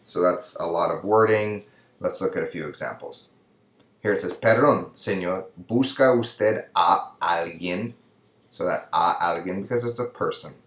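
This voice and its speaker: A man's voice: deep voice, moderate pace, fairly bright tone, reverberant. A man teaching a recorded lesson over slides. He explains patiently and keeps checking with "right?". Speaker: Spanish teacher.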